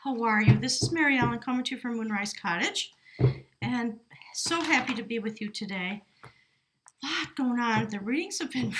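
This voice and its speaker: A middle-aged woman giving a casual, emotional tarot reading to a camera at home. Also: a little high. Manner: warm, effusive, emotional, chatty. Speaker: tarot reader. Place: home room with a small table. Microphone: camera at a short distance.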